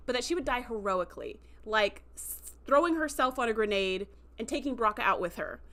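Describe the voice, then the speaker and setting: A woman hosting a livestream, recapping a TV episode in a chatty, animated way and acting out quotes. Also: mid-range voice. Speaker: show review host. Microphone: livestream microphone.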